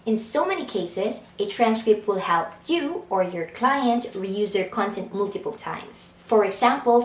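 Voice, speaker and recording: A woman talks through a scripted lesson, upbeat and playful, tossing in quick asides. Her voice sits a little high. The room gives it a roomy echo. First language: Filipino language. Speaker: freelancing tutor. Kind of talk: scripted tutorial narration.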